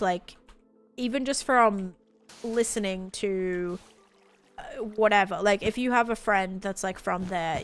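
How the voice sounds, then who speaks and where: A young Australian woman, her accent softened toward American and her pitch medium, chats casually with live stream viewers. She rambles and fills her speech with "like".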